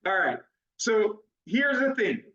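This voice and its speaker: Fast-talking Jamaican man on a call. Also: sits high, reverberant, far from the mic, lo-fi sound. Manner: talks fast when excited, upbeat and persuasive. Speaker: business opportunity presenter. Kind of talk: online sales presentation.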